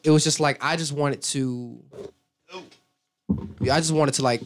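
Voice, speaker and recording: A man's voice: fairly high pitch, steady tone, a little slow, slight background noise. A young man hosting a podcast, chatting casually in a rambling, laid-back way with casual swearing. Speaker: podcast host. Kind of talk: casual chat.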